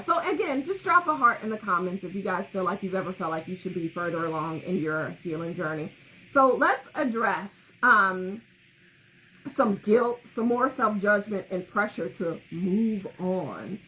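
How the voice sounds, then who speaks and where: Bright-voiced woman hosting a grief podcast. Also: medium pitch. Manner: candid, emotional, laughs often, reads comments aloud. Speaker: podcast co-host. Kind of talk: casual podcast talk about grief. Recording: slightly muffled with faint background noise.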